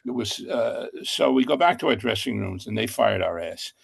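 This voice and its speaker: A man's voice: on the low side, animated, moderate pace, creaky, husky. An older man telling a long anecdote as an interview guest, rambling with fillers and self-corrections.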